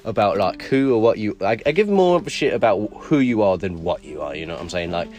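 A man's voice: lowish voice, animated, fast talker, a little mellow, faint music behind. A young man co-hosting a crude comedy podcast in a put-on English accent, rambling, swearing constantly and laughing a lot. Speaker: podcast co-host.

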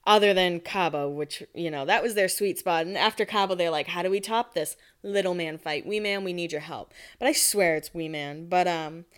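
A woman's voice: on the low side, normal speed, hardly any pauses. A woman in her twenties recapping a reality show in casual chat. She swears often and acts out the quotes. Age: 20s.

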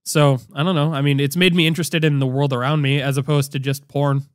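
A man with a fairly high voice chimes in on a casual podcast, cracking crude jokes. The sound is dry and close-miked. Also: level tone, quick pace, no echo. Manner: joking, crude interjections. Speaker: podcast co-host.

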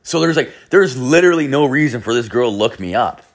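A man's voice: mid-range voice, expressive, fast. A young man telling a crude, rambling story, full of swearing and "like". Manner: profane, rambling, heavy filler "like".

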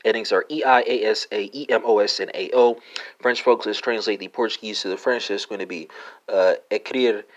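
A man's voice: fairly low pitch, steady tone, fairly quick, muffled recording. A man hosting a solo language-lesson podcast, spelling out words letter by letter with lots of "uh" and "right?" and a few wry asides.

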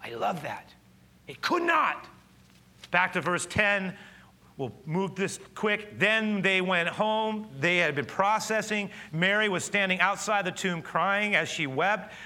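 A male pastor delivers a sermon in a high-pitched voice at a slightly slow pace. He tells the story with animation, sometimes dropping into hushed, intimate tones.

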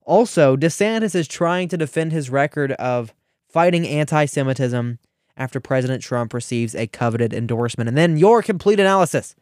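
A man's voice: medium pitch, normal speed, dry recording, studio quality. Teenage man hosting a sarcastic political rant. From Ohio, US. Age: teens. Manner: animated, sarcastic, with frequent restarts. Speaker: radio show host.

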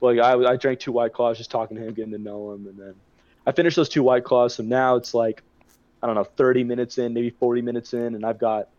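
A man's voice: mid-range voice, steady tone, a little fast, a little mellow, no echo. A young man co-hosting a podcast, telling a rambling party story in casual chat and swearing a lot. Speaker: podcast co-host. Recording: muffled dry recording.

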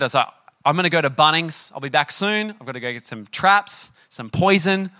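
Young Aussie male pastor, casual animated sermon delivery, bright and a touch high. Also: brisk. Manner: chatty storytelling, animated, many fillers. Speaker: preacher.

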